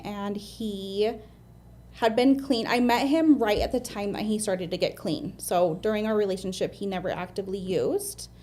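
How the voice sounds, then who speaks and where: A woman in her thirties with an American accent speaks in a mellow, darker tone as an interview guest. She is open and earnest and often restarts her sentences. She talks in a plain, unhurried way. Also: medium pitch. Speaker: guest, admissions medical assistant. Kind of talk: candid interview storytelling.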